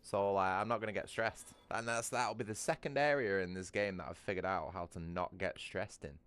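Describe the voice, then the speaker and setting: This British man streams a game from home, talking in a rambling, crude way, often restarting and laughing. He speaks briskly in a lowish, slightly bright, smooth voice.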